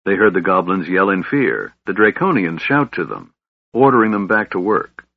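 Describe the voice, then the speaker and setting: Deep, husky male audiobook narrator. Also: normal speed, dry recording, phone-quality sound. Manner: steady, dramatic reading.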